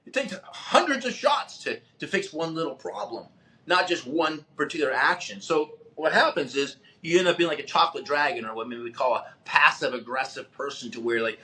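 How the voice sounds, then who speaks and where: Male motivational host, coaching style, a bit high-pitched, punchy and forceful. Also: fairly quick. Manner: emphatic, animated coaching, acts out quotes. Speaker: podcast host. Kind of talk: motivational talk.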